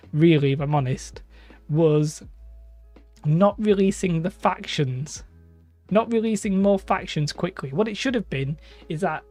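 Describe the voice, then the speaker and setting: A man's voice: a little high, a little mellow. A young man streaming live from his hobby room, chatting in a rambling, casual way and often breaking off mid-sentence. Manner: rambling, chatty, self-interrupting. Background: faint background music.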